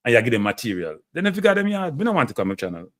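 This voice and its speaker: A man with a Jamaican accent hosting a live stream, talking football in an excitable, emotive way and laughing often. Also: medium pitch, rapid-fire.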